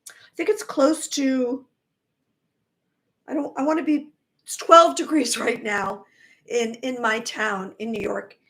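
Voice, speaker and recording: High-voiced woman, encouraging. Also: fairly even intonation, slow, long pauses, fairly bright tone. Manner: encouraging and affirming, stumbles over words. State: losing her voice. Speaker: spiritual teacher hosting a live stream. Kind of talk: casual live-stream talk.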